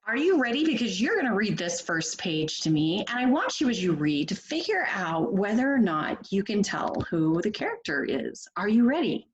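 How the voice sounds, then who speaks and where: A woman teaching first graders reads them a picture book, asking questions warmly and expressively. Her mid-range voice moves at normal speed with hardly any pauses, over lo-fi sound with slight background noise.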